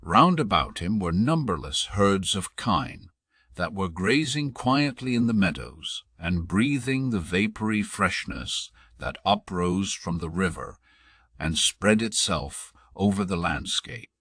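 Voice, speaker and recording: A man reads narrative poetry for an audiobook, measured and even. His voice is low and his pace unhurried. The recording is dry and close. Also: slightly rough, no echo.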